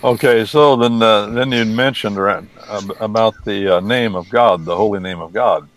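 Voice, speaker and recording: A man's voice: fairly low pitch, normal speed, a bit bright, a little hiss or hum, poor audio. A man who translates the Bible, talking casually on the radio and teaching with folksy, wry asides.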